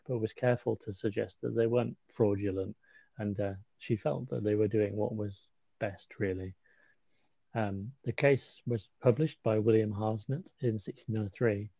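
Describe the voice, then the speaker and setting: A man's voice: lowish voice, creaky, mellow, no room sound. A man co-hosting a podcast, explaining history in a casual chat with dry humor. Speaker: podcast co-host. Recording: slightly dull lo-fi sound.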